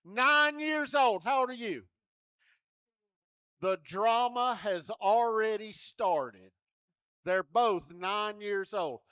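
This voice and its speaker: A man entertaining a rodeo crowd with a strikingly high voice. He talks slowly and clearly, folksy and joking as he coaxes children along. The sound is close and dry. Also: sharp tone, no echo. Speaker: rodeo entertainer running a kids' contest. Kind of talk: lively arena crowd-work. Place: rodeo arena.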